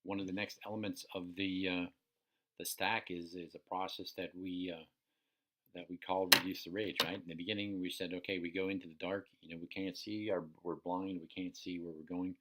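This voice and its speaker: A man's voice: deep voice, flat delivery, brisk, pushed and bright. A man coaching listeners in a casual, unscripted teaching talk, profane and checking in with "right?" often. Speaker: personal development coach.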